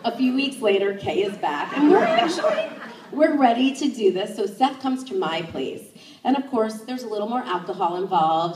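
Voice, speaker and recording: A young woman tells a personal story, her slightly high voice leaping up whenever she acts out her own thoughts. She sounds set back from the microphone, in a reverberant room. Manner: animated, acts out her own inner thoughts in jumps of pitch. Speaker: sex educator. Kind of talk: live first-person storytelling. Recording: roomy, distant stage mic.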